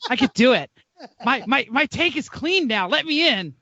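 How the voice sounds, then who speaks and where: A man's voice: very high-pitched, big pitch swings, moderate pace, pushed and bright, dry recording, muffled recording, pitched above the performer's own voice, heavily acted. Man doing a wheedling eager car. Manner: wheedling, stammering. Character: eager pushy little French car.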